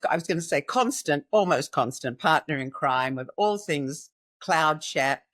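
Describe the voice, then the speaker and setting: A woman hosts a podcast interview with lively enthusiasm. Her voice sits close and dry, with almost no room sound around it. She keeps the tone conversational and upbeat. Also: sits low, measured pace, dry recording. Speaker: podcast host.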